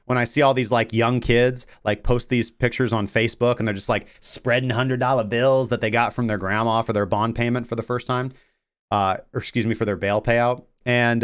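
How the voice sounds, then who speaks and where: Smooth-voiced rambling crypto host. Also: male voice, medium pitch. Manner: rambling, filler-heavy talk. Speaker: crypto trading show host. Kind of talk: casual market commentary.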